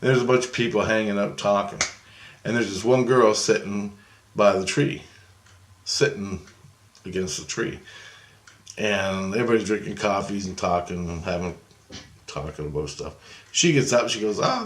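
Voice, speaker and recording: A man's voice: fairly low pitch, moderate pace, long pauses. A man telling a spiritual dream story to his viewers in a loose, rambling way, full of fillers and restarts. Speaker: video blogger.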